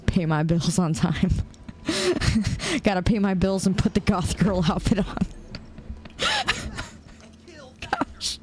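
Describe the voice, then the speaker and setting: Young woman streamer chatting with chat while gaming, unhurried, laughs a lot, faint noise behind. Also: medium pitch, huge pitch swings. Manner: laughs often, talks back to chat.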